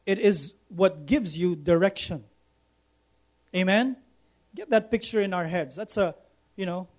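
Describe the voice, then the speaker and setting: High-voiced preacher. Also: male voice, unhurried. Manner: preaching with rising emphatic repetition; asks the congregation for responses. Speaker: pastor. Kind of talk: sermon.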